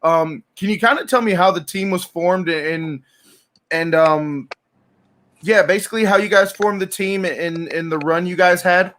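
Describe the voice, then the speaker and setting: A man's voice: sits high, unhurried, fairly bright tone, slight background noise. A man hosting an interview, asking questions in a laid-back, slangy way. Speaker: interviewer, host. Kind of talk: casual interview.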